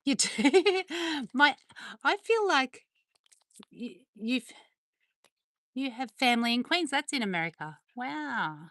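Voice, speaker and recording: A woman's voice: high voice, sing-song, slow, long pauses, fairly bright tone, dry recording. A middle-aged woman with an Australian accent, chatting casually with viewers and cooing affectionately at her dogs. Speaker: livestream host. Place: home with dogs, indoors.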